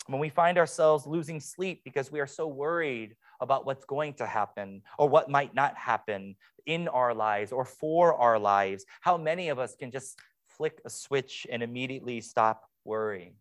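A young man preaching a sermon as pastor, swinging between hushed, quiet passages and playful mock-excited sarcasm. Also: on the high side, brisk.

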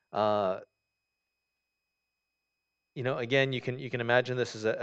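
This sermon comes from a pastor whose medium-pitched voice is a bit bright with a clean tone. Speaking conversationally, he reads passages of scripture and unpacks them, stumbling through plenty of fillers and restarts. The recording is dull and lo-fi.

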